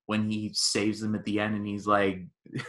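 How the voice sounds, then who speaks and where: Male podcast co-host, lowish bright voice, excitable casual film talk. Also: moderate pace. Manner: excited, acts out quotes with many restarts. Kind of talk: casual movie review chat.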